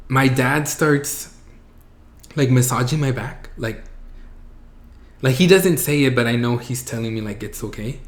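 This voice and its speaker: A man's voice: mid-range voice, a little slow, pauses often. A man in his twenties telling a personal story to his viewers, casual and emotional, with lots of "like"s and some Spanish phrases. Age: 20s. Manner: emotional, voice breaking near tears at times. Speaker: vlogger. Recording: echoey room.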